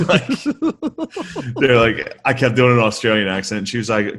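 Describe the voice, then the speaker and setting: Lowish-voiced guy on a podcast, cursing and laughing, just shooting the breeze. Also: lively intonation, moderate pace, a bit bright. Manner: swearing, laughing, playful impressions. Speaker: podcast co-host. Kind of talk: casual podcast banter.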